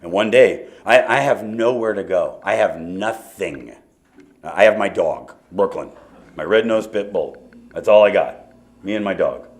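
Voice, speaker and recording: A man's voice: sits low, animated, measured pace. A middle-aged man speaking at a recovery meeting, telling his story in a loose, conversational way with many asides. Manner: conversational storytelling with asides and repeated "you know". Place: meeting hall before an audience.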